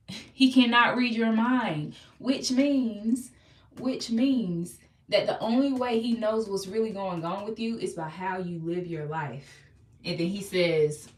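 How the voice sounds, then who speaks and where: A woman's voice: mid-range voice, far from the mic. A young woman preaches a pep talk to her live viewers, emphatic and repetitive. She keeps asking them to say lines back to her. Her voice bounces around an echoey room and sits well back from the mic. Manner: emphatic, repetitive, call-and-response. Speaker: motivational live-streamer.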